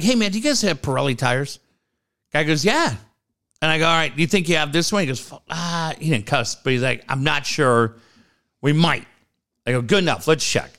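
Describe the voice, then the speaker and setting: A man's voice: fairly high pitch, fairly bright tone. Ranting, profane middle-aged man. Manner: ranting, swears constantly, acts out other people's lines. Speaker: co-host telling a story. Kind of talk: profane casual storytelling.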